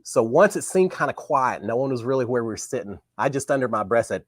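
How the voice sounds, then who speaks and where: A man's voice: mid-range voice, fast, no room sound. A man hosting a live talk show, telling a story casually and acting out remembered dialogue. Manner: animated, acts out remembered dialogue.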